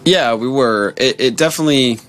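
A man co-hosting a podcast, chatting casually while he plays a game, animated and jokey and prone to silly voices. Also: medium pitch, a little fast. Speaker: podcast co-host playing a game. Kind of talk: casual gaming chat.

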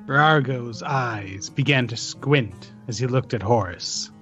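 A man narrating a fantasy audio drama in a measured storytelling manner. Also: medium pitch, fairly bright tone, lo-fi sound, soft background music.

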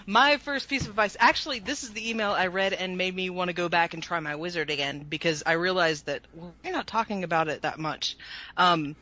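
A woman's voice: on the low side, fairly quick, bright, forceful tone, lo-fi sound. A woman co-hosting a gaming podcast, chatty and laughing, thinking aloud as she gives advice. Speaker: podcast co-host. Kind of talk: casual chat.

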